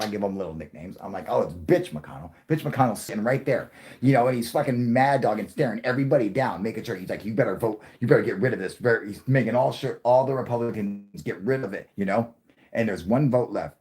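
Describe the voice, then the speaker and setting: A man's voice: fairly low pitch, dark tone, slightly rough. A man vlogging to camera in a casual, profane, rambling rant, telling stories with lots of laughs and swearing.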